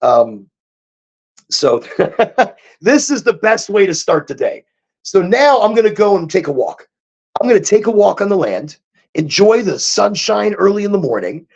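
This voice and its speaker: A man hosting a casual livestream chat, high and rambling, repeating himself and chuckling at his own jokes. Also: very animated, measured pace, creaky. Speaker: podcast host.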